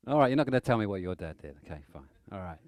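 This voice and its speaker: A man's voice: fairly low pitch, racing, no echo, studio quality. A man, an NLP trainer telling stories to a seminar audience, acting out the people in them. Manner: animated, acts out stories with shouts and laughter. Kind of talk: live seminar storytelling.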